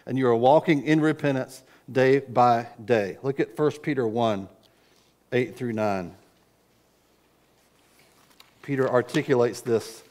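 A middle-aged man preaching a sermon as a pastor, earnest and story-driven, with sudden loud outbursts when he acts out his own cries. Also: medium pitch.

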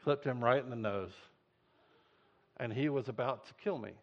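A man preaching a sermon, telling a story in an animated way and acting out voices. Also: medium pitch, moderate pace. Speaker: pastor. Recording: dull lo-fi sound.

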